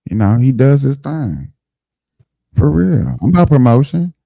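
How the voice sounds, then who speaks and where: A man's voice: mid-range voice, sing-song, measured pace, gravelly, dark tone, dry recording. A man hosting a casual livestream show, talking emphatically and directly to his viewers.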